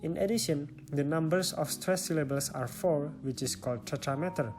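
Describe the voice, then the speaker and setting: A man's voice: on the high side, moderate pace, a little mellow, faint music behind. Man reading a class presentation. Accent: Indonesian. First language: Indonesian. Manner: methodical, explaining step by step. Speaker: student presenter.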